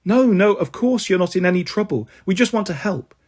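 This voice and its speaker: A concerned school librarian who coaxes gently but won't let go, as a man reads her aloud in a storybook. The voice is husky and lightly raised. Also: sits high, animated, fairly quick. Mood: gentle. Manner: careful, coaxing.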